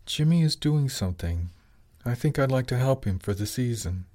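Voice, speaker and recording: A calm, faraway shaman husband who speaks in a quiet, simple, dreamy way, as a man reads him aloud in a storybook. His voice sits fairly low. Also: fairly quick.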